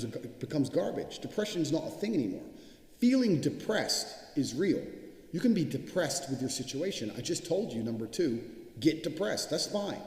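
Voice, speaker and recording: Forceful, profane man in an echoey hall. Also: mid-range voice. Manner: forceful, profane and blunt, with emphatic repetition. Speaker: speaker giving a motivational talk. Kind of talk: motivational speech. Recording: echoey hall with long reverb.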